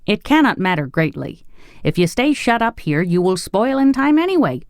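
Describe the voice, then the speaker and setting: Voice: mid-range voice, sing-song, normal speed, vocal fry, no echo, voice pushed up. A kind-hearted man of tin speaks formally and precisely, as an audiobook narrator voices him. Dry, close recording. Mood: earnest.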